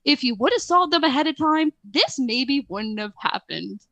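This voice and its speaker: A young woman chatting casually about wrestling, telling stories at a comfortable pace. Her voice sits slightly high and sounds dry and close. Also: expressive, moderate pace, fairly bright tone, dry recording, muffled recording. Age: young adult. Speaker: podcast co-host. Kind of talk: casual chat.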